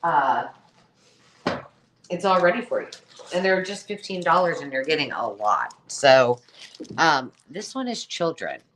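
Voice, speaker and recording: A woman's voice: low voice, very animated, a little slow, pauses often, a bit bright, a little hiss or hum. A woman hosting a casual live sale of craft supplies, chatting in a rambling way and exclaiming over each item she pulls out. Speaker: host selling craft supplies.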